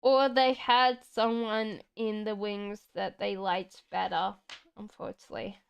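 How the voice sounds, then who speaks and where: Slow, smooth-voiced woman reading tarot. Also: mid-range voice, level tone. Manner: chatty and reassuring, laughs often; talks straight to viewers in chat. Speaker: tarot reader. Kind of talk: casual live-stream card reading.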